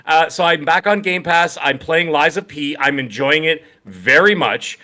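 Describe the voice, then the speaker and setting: Bright, upbeat man co-hosting a podcast. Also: a little high, moderate pace, hardly any pauses. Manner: upbeat, jokey, rambling enthusiasm. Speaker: podcast co-host. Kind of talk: casual podcast chat.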